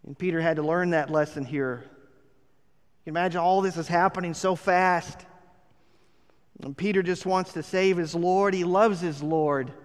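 A man delivers a sermon in an earnest storytelling manner, building to emphatic points. His voice sits a little high and sounds smooth and resonant. The sound carries a long hall reverb. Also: fairly even intonation, a little slow, long pauses. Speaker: preacher.

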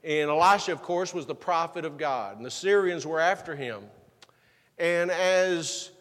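A man's voice: on the high side, unhurried, a bit bright, in a large hall. A man preaching a sermon, reading scripture and retelling it in a casual, folksy way. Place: church sanctuary.

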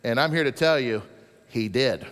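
A man preaching a sermon as pastor, animated, with dramatic rises and drops, reading scripture slowly. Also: medium pitch, big-room sound.

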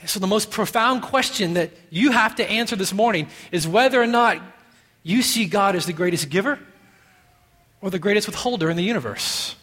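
Guy pastor preaching, high bright voice, kinda husky, big church echo, goes from soft to really emphatic. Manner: emphatic, swings from quiet musing to loud stress. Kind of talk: sermon. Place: church sanctuary. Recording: long reverb of a church hall.

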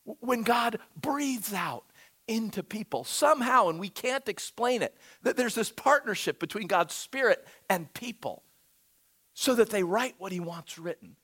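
A man preaching a sermon, telling stories with animated, shouted emphasis. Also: sits high, unhurried, breathy edge. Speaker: pastor.

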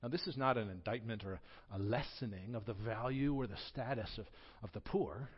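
Expressive man preaching a sermon. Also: medium pitch, brisk, husky. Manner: expressive preaching, swings from quiet to loud. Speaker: pastor. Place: church sanctuary. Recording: dull lo-fi sound.

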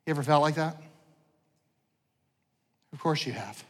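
A man preaching a sermon as pastor, animated, moving between loud pleading and quiet asides, with self-deprecating humor. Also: fairly high pitch, a little fast, pauses often. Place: church sanctuary. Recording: long church reverb.

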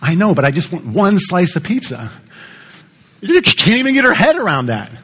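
A man's voice: high-pitched, wildly swooping pitch, normal speed, a bit bright, breathy edge. A male pastor preaching a sermon in a conversational storytelling way, putting questions to the congregation.

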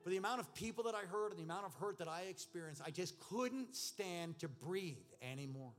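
A man preaches his own testimony before a church crowd. His voice sits high and his delivery is earnest and emotional. Soft music plays faintly behind him. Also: expressive, brisk. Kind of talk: sermon testimony.

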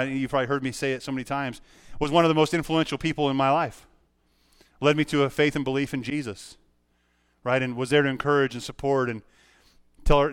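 Man, pastor, sermon, middle-aged, slightly high voice, earnest personal storytelling. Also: a bit bright, clean tone, no room sound, clean studio sound.

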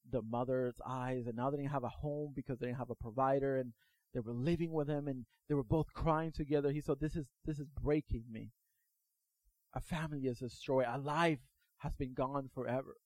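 Pastor guy preaching, kinda high voice, dry sound, acts out all the quotes. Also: no room sound, poor audio. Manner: animated retelling with acted quotes. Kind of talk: sermon storytelling.

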